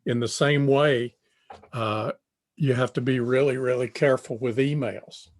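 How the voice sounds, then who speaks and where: An older man giving a tutorial lecture on communication, speaking deliberately and repeating phrases as he thinks. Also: medium pitch, steady tone. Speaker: tutorial presenter.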